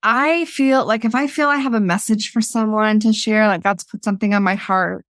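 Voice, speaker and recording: A woman hosting a podcast, chatting in a loose, talkative way and laughing between her thoughts. Her voice sits at an ordinary middle pitch. The recording is close and dry, with no room sound. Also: moderate pace, no echo. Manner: chatty, laughs often, restarts sentences. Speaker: podcast host. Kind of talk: casual chat.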